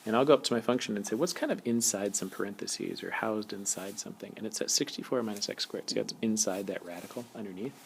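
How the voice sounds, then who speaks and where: A man teaching a calculus lesson in a relaxed, joking way, talking as he writes. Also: fairly low pitch, fast, creaky, few pauses, slight background noise. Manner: relaxed, jokey, talks while writing. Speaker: math teacher. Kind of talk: recorded calculus lecture. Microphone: tablet screencast mic.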